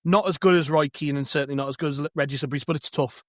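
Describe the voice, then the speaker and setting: A man on a casual football podcast argues his point with growing energy, restarting phrases as he builds. His voice sits slightly high and sounds dry and close. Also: racing, dry recording. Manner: animated, argumentative, restarts phrases. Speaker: podcast co-host.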